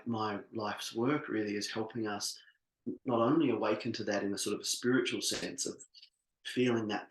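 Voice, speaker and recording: A middle-aged man giving a live workshop talk as a business coach, earnest and heartfelt, often restarting his sentences. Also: lowish voice. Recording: echoey room.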